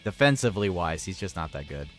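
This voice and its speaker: Deep-voiced and sing-song, a fast-talking man streams a game, chatting casually, laughing often, and talking to both his viewers and his pets over faint guitar music.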